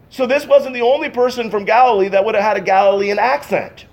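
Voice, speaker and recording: A man preaching in a church, his voice set a little higher than most men's. He swings between loud, emphatic bursts and hushed, intense passages as he talks to his congregation. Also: fairly even intonation, quick pace, hardly any pauses. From Pacific Northwest. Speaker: pastor. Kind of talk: sermon. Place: church sanctuary.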